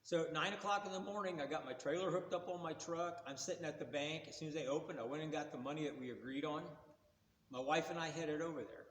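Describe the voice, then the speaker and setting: A man in his sixties tells car stories in a casual, rambling, folksy way, with a voice pitched a little higher than most men's. The recording is roomy, and a long reverb trails behind his words. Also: quick pace, a bit bright, a little hiss or hum. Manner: rambling, folksy, plain-spoken. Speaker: car vlogger. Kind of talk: casual storytelling.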